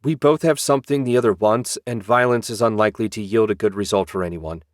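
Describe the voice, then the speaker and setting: A man's voice: on the low side, quick pace, no room sound, studio quality, natural voice. A man voicing a polite, persuasive young man in an audiobook. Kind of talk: audiobook character voice.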